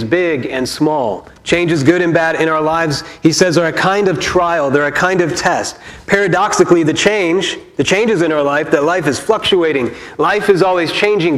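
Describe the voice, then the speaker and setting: A man preaching a sermon as pastor, conversational and storytelling, posing questions to the congregation. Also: a little high.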